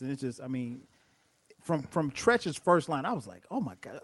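A man's voice: medium pitch, sing-song, normal speed, a little hiss or hum. A middle-aged man co-hosting a podcast, chatting casually about a movie and thinking aloud with many restarts. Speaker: podcast co-host.

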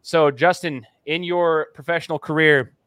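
A male podcast host who talks in a chatty, animated way and interviews his guest. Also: on the high side, normal speed, clean tone, no echo. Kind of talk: casual interview talk.

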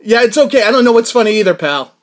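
Excitable man with a lively voice. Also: high-pitched, quick pace. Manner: excitable, swings from loud laughing outbursts to mutters. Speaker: podcast host. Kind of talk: casual podcast chat. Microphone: podcast mic.

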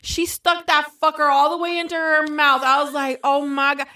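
A woman with an American accent talks through TV shows in a loose, unscripted chat. She is blunt and swears freely, telling stories with lots of energy. Her voice sits a little high. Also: normal speed. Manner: blunt, profane, animated storytelling. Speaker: podcast co-host. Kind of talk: casual chat about TV shows.

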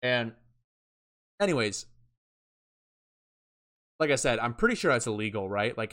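A young man with a bright, forceful voice spins a story on a casual podcast. He swears freely and acts out the quotes of the people in it. His delivery is animated. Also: medium pitch, moderate pace, pauses often. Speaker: podcast co-host.

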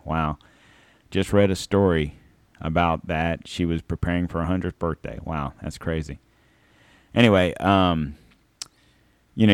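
Male host, deep voice, dry recording; sarcastic off-the-cuff commentary with plenty of cursing. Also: no room sound. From Florida. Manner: sarcastic, rambling, swears freely. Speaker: podcast host. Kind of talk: casual rambling commentary.

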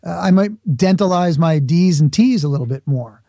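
In a dry, studio-quality recording, a middle-aged Bronx native chats as a podcast guest in a slightly high, mellow, expressive voice at normal speed. He's thoughtful and explanatory, leaning on examples and little acted-out asides.

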